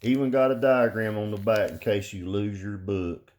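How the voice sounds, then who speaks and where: A man talking loosely and loudly while unboxing and reviewing a car amplifier, full of cussing and jokes. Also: on the low side, normal speed. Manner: rambling, profane, loud and jokey. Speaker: vlogger reviewing car audio gear. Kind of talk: casual unboxing chat.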